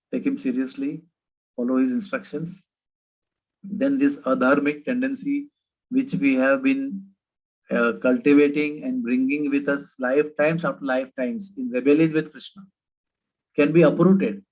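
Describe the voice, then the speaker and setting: A man's voice: medium pitch, low-quality recording. A man giving a devotional storytelling lecture, conversational and hesitant with frequent fillers. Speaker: spiritual speaker.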